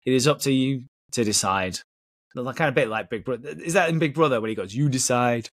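A man's voice: medium pitch, expressive, fast talker, fairly bright tone. A man hosting a podcast in casual banter, joking and laughing often. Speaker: podcast host.

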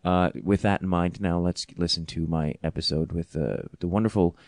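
A man hosting a podcast, telling a comic story in an animated, self-deprecating way, laughing often. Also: low voice, moderate pace, over loud music. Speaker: podcast host and comedian.

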